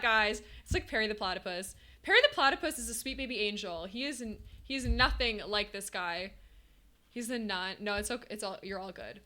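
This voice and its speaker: A young woman streaming live, chatting casually with her viewers, animated and laughing often. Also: mid-range voice, moderate pace.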